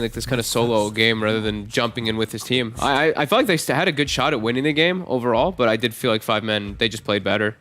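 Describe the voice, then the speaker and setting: A man analysing a match at an esports desk, talking in an animated way and often laughing. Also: medium pitch.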